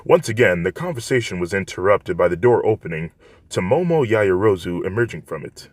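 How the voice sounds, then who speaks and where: A man narrating a fan story in a plain, steady reading voice. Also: low voice, a little fast, no room sound.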